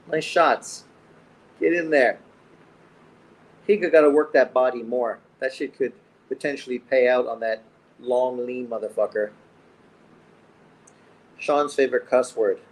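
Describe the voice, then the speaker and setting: Profane, joking Canadian man, mid-pitch. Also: rough recording. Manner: profane, blunt, joking banter. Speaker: livestream boxing host. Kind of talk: casual livestream chat reading comments. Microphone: streaming mic.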